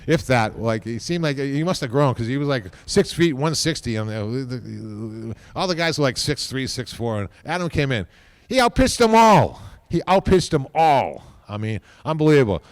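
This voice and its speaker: A man speaking at a podium microphone during an induction ceremony, rambling informally, repeating himself and tagging lines with a quick "okay?". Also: medium pitch, smooth, no room sound. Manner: repeats words and restarts often. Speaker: team executive giving induction speech.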